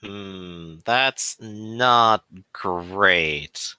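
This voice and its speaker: Male tabletop player, bright lively delivery, dry recording. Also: on the low side, drawn-out words, clean tone, dry recording. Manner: jokey, slips into a tipsy Irish lilt in character. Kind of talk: playing a tabletop role-playing game in character.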